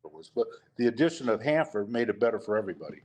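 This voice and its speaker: Older man telling animated stories. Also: lowish voice, rapid-fire, husky. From Detroit, USA. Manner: animated storyteller, acts out quotes, laughs often. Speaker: guest, retired football player. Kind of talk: casual storytelling chat.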